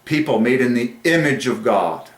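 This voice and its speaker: A man delivers a solo religious monologue with rising excitement, slowing down to stretch out the phrases he wants to stress. His voice sits at an ordinary middle pitch. The recording carries a noticeable roomy echo. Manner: emphatic and excitable, drawing out key phrases slowly. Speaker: religious channel host.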